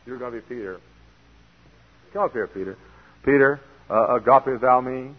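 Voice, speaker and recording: A man preaching a folksy sermon that rises to loud, emphatic delivery. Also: medium pitch, moderate pace, breathy edge. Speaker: pastor. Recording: tinny lo-fi old recording.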